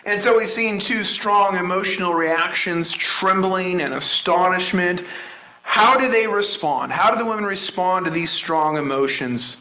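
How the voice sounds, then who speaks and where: A man's voice: high-pitched, unhurried, bright, forceful tone, reverberant, poor audio. A man preaching a sermon in a conversational way, asking his listeners many rhetorical questions. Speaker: pastor.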